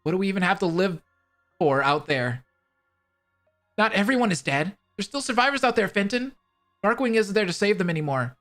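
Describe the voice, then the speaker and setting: An anxious young superhero intern stammers through his self-doubt in a fan voice drama, voiced by a man. His speech is shaky and halting. Soft music plays behind him. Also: sits high, lively intonation. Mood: despairing.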